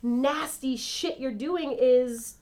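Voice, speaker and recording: A woman's voice: high voice, slow, a little mellow. A young woman co-hosting a casual chat podcast, reacting with jokes and rambling when she turns serious. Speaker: podcast co-host.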